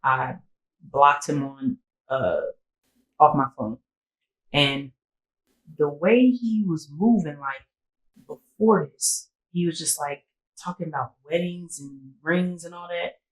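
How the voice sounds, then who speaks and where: A woman's voice: sits low, lively intonation, takes it slowly, reverberant, low-quality recording. Young woman on a podcast telling her story, real candid and slangy, voice shoots up when she quotes people. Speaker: podcast co-host. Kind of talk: casual storytelling.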